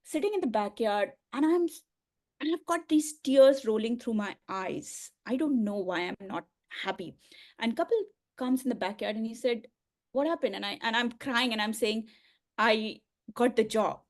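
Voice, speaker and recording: A middle-aged woman, a coach and speaker, telling a personal story in an interview, earnest and emotional with soft laughs. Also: a little high, expressive, normal speed.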